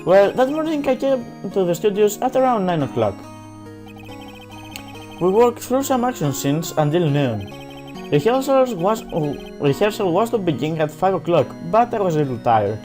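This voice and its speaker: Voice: mid-range voice, sing-song, normal speed, music in the background, voice pushed up, close to an everyday voice. A let's player voicing a tired young male TV actor who meekly explains his day. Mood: sheepish. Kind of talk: let's play voice acting.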